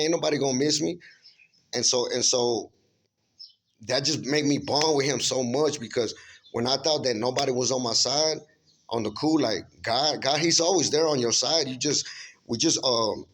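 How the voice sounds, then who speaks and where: A man's voice: medium pitch, normal speed, a little hiss or hum. A man earnestly recounting a spiritual vision in casual, informal speech, full of restarts and repeated checks with the listener. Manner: earnest, rambling, many restarts and "you know what I'm saying"; emphatic, informal storytelling. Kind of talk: casual spoken testimony.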